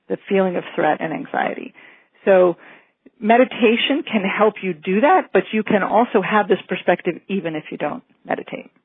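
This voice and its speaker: A woman physician giving a calm, explanatory medical lecture in a gently reassuring way. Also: on the low side, no echo. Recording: thin phone-like lecture audio.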